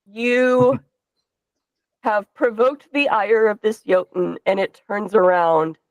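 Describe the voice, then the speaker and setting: A woman running a tabletop game as game master, describing scenes and rulings in a relaxed, filler-laden way. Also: medium pitch, slow, no room sound, narrow, tinny audio. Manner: relaxed, explains rules with fillers.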